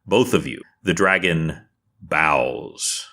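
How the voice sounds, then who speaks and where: Deep-voiced man running a tabletop game. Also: slow pace, bright, forceful tone. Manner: casual, chatty, with fillers and asides. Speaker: game master.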